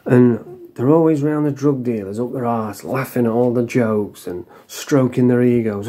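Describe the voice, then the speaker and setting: A man's voice: medium pitch, normal speed, few pauses, warm tone. A man telling a personal story to camera in a blunt, sweary, frank way. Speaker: vlogger. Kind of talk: casual storytelling monologue.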